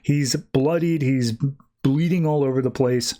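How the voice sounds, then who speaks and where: A man chatting his way through a comic book recap on a podcast, with a middle-pitched voice. He strings the story along with fillers and restarts in a loose, easy flow. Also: measured pace, dark tone. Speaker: podcast host.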